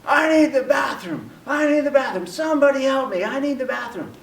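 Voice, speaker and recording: A woman's voice: a little fast, vocal fry. A man voicing a demanding woman in a wheelchair who screams for help. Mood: desperate screaming. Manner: shrill, yelling, urgent. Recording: roomy, distant mic.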